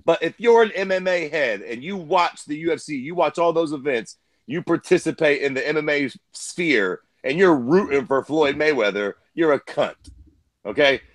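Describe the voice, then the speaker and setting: A man's voice: a little high, animated, normal speed, no room sound. A man from Ohio co-hosting a fight talk show, ranting bluntly and crudely. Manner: blunt, crude, heated rants. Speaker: co-host. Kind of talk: profane casual chat.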